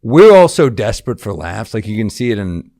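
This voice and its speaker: Animated man in casual comedy chat. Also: fairly low pitch, a little fast, dry recording, studio quality. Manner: animated, self-deprecating storytelling. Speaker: comedian guest.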